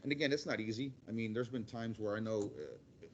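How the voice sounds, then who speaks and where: A man's voice: lowish voice, fairly quick, dull audio, a little hiss or hum. A middle-aged man giving a casual career talk as a guest speaker, rambling and acting out quotes in other voices.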